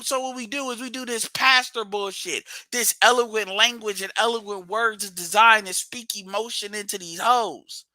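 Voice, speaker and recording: A man's voice: extremely high pitch, bright, forceful tone, no room sound. A man hosting a livestream, ranting bluntly and profanely and hammering his points through repetition. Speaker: livestream host.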